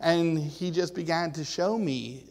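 A man's voice: on the high side, unhurried, a little mellow, in a large hall. A man preaching a sermon in a conversational, storytelling way, asking his listeners questions.

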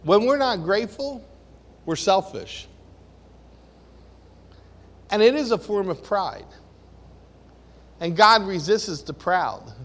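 A man's voice: high-pitched, vocal fry, fairly bright tone, long reverb tail. A man preaching a sermon to a room of listeners, earnest and full of rhetorical questions.

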